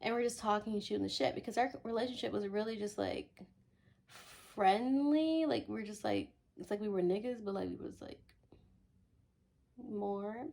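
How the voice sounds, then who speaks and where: A woman's voice: mid-range voice, moderate pace, creaky, a little mellow. A young adult woman vlogging casually, telling a story in a chatty, filler-heavy way and acting out what people said. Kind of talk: casual vlog rant.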